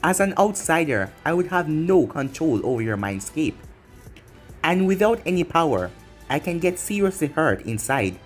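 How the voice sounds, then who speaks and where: A man's voice: fairly high pitch, big pitch swings, moderate pace. A man doing a smug cocky young ninja. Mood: calm. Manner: smug, taunting. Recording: faint music behind.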